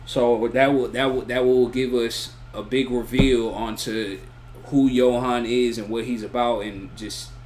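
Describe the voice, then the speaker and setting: A man's voice: medium pitch, fairly even intonation, a little slow, a little mellow, slight background noise. A man giving a casual, rambling spoken review of an anime, full of slang and repeated "you feel me" and "bro". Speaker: anime reaction YouTuber.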